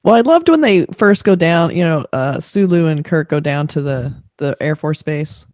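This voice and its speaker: A woman's voice: deep voice, expressive, moderate pace, darkish tone, no room sound, clean studio sound. A woman co-hosting a review podcast, chatting and acting out the scenes she describes. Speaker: podcast co-host. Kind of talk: casual review chat.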